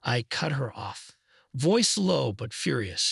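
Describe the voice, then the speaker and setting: A man narrating a first-person story in a measured, scripted way. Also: medium pitch, very animated, gravelly, a bit bright, husky, no room sound, studio quality.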